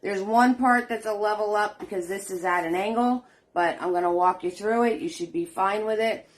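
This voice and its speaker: A woman's voice: medium pitch, normal speed. Chatty woman teaching a painting class. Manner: chatty, encouraging, greets viewers by name with endearments. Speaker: painting instructor. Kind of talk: live online painting class. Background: faint music.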